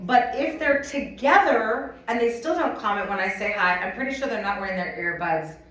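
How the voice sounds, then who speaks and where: A woman giving a chatty, animated sales training talk to a live audience, acting out little scenes as she goes. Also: mid-range voice, normal speed. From United States. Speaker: motivational speaker at a sales event. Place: conference room with a live audience. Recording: echoey room, from a distance.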